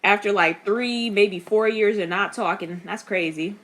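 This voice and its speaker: Bright-voiced young woman reacting on camera. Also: mid-range voice, a little slow, slight background noise. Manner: chatty, talks back at the screen; expressive, laughs often. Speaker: reaction vlogger. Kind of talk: casual reaction commentary.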